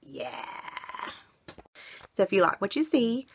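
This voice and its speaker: A woman with a scratchy, hoarse voice from illness, chatting casually as she hosts a craft video. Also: mid-range voice, normal speed. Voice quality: scratchy, gravelly. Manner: chatty, rambling, relaxed. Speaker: craft channel host. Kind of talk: casual unboxing vlog chat.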